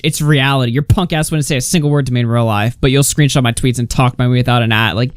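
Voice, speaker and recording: A man hosting a casual podcast, telling a story with lively energy and mocking other people's posts. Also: mid-range voice, quick pace, few pauses, dry recording, studio quality. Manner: animated storytelling, mocking others' tweets in put-on voices. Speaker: podcast host.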